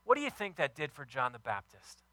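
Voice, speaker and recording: A man preaching a sermon with enthusiastic, emphatic delivery, warm about his kids and his faith. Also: mid-range voice, wildly swooping pitch, fairly quick, no room sound, rough recording. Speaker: pastor.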